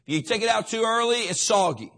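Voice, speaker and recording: A man's voice: high-pitched, animated, quick pace, fairly bright tone. A man preaching a sermon to teenagers, emphatic and repetitive, often asking his listeners questions. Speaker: youth pastor.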